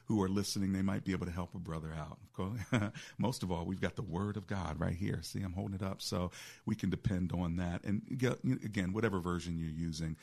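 A man's voice: sits low, fairly quick, gravelly, darkish tone. A man hosting a call-in radio show as a pastor, talking conversationally with preacherly asides.

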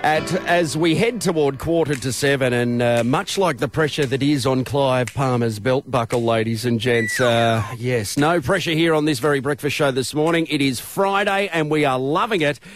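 A man's voice: medium pitch, normal speed, hardly any pauses. An Australian man hosting breakfast radio, chatting cheerfully in a folksy way and often saying "I tell you what.". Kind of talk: casual breakfast radio banter. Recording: radio show with music bed underneath.

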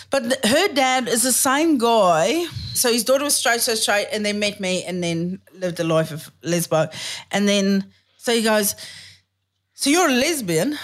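A woman hosting a podcast, telling stories bluntly and swearing freely. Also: medium pitch. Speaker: podcast host. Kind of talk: casual podcast chat.

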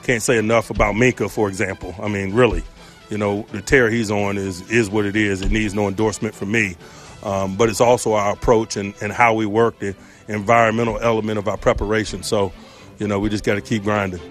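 A man speaking as a football coach at a press conference, measured and matter-of-fact. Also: fairly low pitch, flat delivery, faint music behind.

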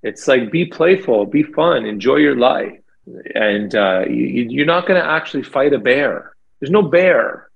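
A middle-aged man talks about his music in a relaxed interview. His voice is gravelly and slightly husky. He tells his stories with enthusiasm, in animated bursts full of fillers. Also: medium pitch, unhurried, phone-quality sound. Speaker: lead singer of a band, guest. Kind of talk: casual interview chat.

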